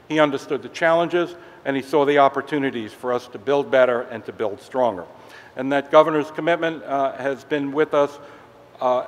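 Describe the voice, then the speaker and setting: A man who heads a transit agency, giving an earnest prepared speech introducing a governor at a press event. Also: mid-range voice. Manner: earnest and praising, with some restarts. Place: public event at a tunnel site. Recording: long reverb.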